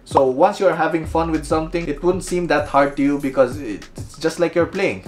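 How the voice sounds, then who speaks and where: A man's voice: on the high side, normal speed, soft background music. Playful young Filipino man vlogging. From Philippines. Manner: playful, self-mocking, chatty. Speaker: architecture video creator. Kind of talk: casual vlog Q&A.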